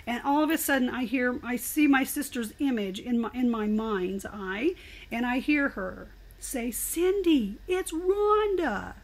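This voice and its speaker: An older woman, a guest in an interview, telling her story in an animated, expressive way. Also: on the high side, moderate pace.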